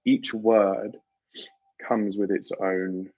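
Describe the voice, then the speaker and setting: Chatty British man, husky dull lo-fi audio. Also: fairly low pitch, very slow, dry recording. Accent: British English. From United Kingdom. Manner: chatty and animated, laughs often, reads out viewer comments. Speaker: livestream host. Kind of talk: casual chat with live viewers.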